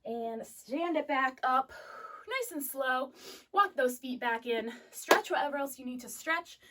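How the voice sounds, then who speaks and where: A woman's voice: sits high, lively intonation, a little slow, pushed and bright, slight background noise. A young woman fitness instructor cueing a live workout class, sniffly and out of breath, in an upbeat coaching manner. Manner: upbeat, coaching cues counted out while moving. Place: fitness studio. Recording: voice distant from the mic.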